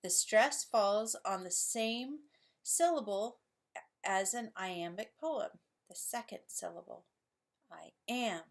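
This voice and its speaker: A woman's voice: mid-range voice, slow pace. A woman teacher recording a lesson video for her class, explaining patiently step by step and stressing syllables aloud.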